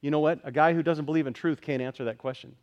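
A man preaching a sermon to a congregation, emphatic and questioning, rising at times to shouts. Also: on the high side, steady tone, fast, dull audio. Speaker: pastor.

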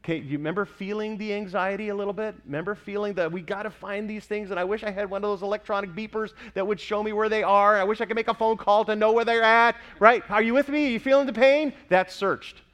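A male pastor delivering a sermon in a somewhat high voice. He preaches with emphasis and keeps asking his listeners questions. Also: steady tone, fast, hardly any pauses, a bit bright. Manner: emphatic, questions the congregation often.

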